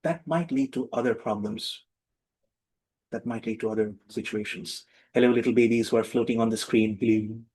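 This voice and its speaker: A man giving a lively, humorous spiritual talk to a live and online audience, acting out little voices for his jokes. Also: medium pitch, moderate pace, poor audio. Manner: playful, animated, acts out little voices for jokes.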